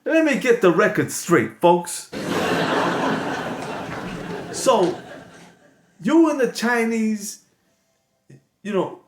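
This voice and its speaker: A man voicing a brash, loud male wolf talk-show host in an improvised comedy sketch, excitable and full of catchphrases. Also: high-pitched, drawn-out words, long pauses, full character voice. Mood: mocking. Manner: excitable, shouty, cackling catchphrases. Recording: echoey room with steady noise.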